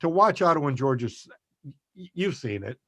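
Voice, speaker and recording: New comedian telling a story. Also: male voice, fairly high pitch, moderate pace, no echo. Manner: animated storyteller, acts out voices, swears freely. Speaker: comedian guest. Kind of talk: casual storytelling.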